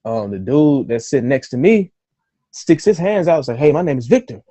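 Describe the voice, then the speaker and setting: A man guest on a podcast, telling a story in a casual, animated way, swearing freely and acting out his own reactions. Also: fairly high pitch, fairly quick, no room sound.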